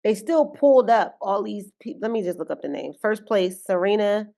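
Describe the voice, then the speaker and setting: A woman co-hosts a podcast, chatting casually and playfully about a reality show and laughing often. Her medium-pitched voice is animated, creaky and dark in tone, at normal speed.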